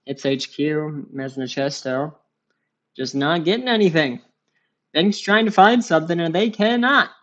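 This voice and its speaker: A man's voice: on the high side, lively intonation, unhurried, a bit bright, dull audio. A man giving casual, chatty colour commentary alongside the main caller at a card game tournament.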